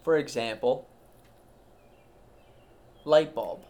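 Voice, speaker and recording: A man's voice: medium pitch, very slow, darkish tone. A man hosting a solo podcast, rambling in a meandering, self-interrupting, mock-grand way. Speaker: podcast host.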